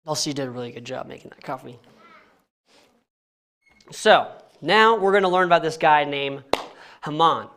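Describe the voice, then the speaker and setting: A man's voice: a little high, normal speed, pauses often, pushed and bright. A young man reading scripture aloud and teaching it casually in a church, often stumbling over names and laughing at himself. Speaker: Bible study teacher.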